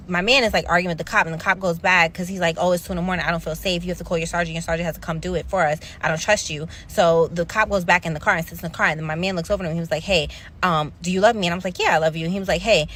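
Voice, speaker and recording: A woman recounts a wild personal story at a rapid clip, repeating words as she builds it up. Her voice sits on the low side, with a faint ambient hum behind her. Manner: rapid, animated, repetitive narration. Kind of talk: casual storytelling.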